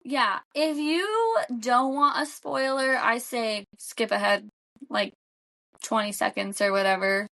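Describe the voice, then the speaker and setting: A woman's voice: a little high, takes it slowly, creaky, a bit bright. A young woman co-hosting a podcast, retelling a film in a loose, rambling way full of "like". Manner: rambling, fillers of "like" throughout. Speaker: podcast co-host. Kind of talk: casual chat.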